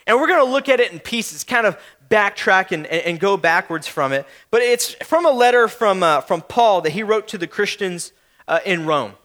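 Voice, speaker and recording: Casting note: young male pastor, very high and bright voice, earnest conversational sermon delivery. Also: expressive, normal speed. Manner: earnest, conversational preaching with frequent restarts and acted quotes.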